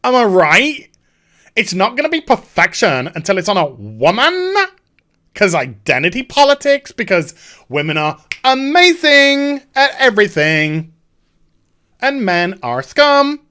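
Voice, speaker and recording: A smug young vigilante heroine, sarcastic and full of herself, as a man mocks her in his own lively voice. The pitch swings a lot and sits a little high for a man. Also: unhurried, full character voice. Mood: sneering. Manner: sarcastic parody voice.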